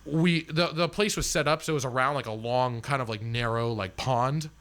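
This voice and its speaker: A man's voice: medium pitch, normal speed, a bit bright, smooth. A man telling a long, rambling story as a podcast guest, swearing freely and packing in fillers. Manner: rambling and profane, heavy on fillers.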